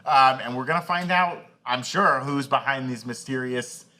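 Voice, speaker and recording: A man's voice: mid-range voice, moderate pace, pushed and bright. A man co-hosting a casual chat show, rambling through his thoughts with lots of "you know" asides. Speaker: podcast co-host.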